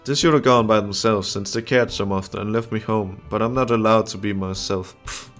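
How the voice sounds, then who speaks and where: A man's voice: on the low side, steady tone, normal speed, fairly bright tone, faint music behind, lightly acted. A man reading as a sulky, hostile young boy. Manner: sulky, complaining.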